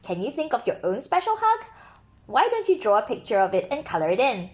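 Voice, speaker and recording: A woman reading a children's storybook aloud in an expressive, sing-song manner. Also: a little high, brisk. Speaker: storybook reader.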